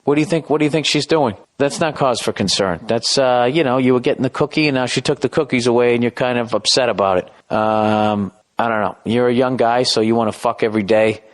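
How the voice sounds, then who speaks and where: A man's voice: mid-range voice, fast talker, hardly any pauses. A middle-aged man hosting a podcast, rambling through a profane, self-deprecating comedic monologue. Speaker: podcast host.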